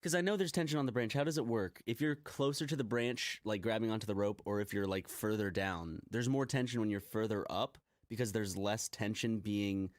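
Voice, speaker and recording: A man's voice: on the low side, a little fast, few pauses, no echo, clean studio sound. A man in a rambling, joking casual chat while gaming. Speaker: co-host.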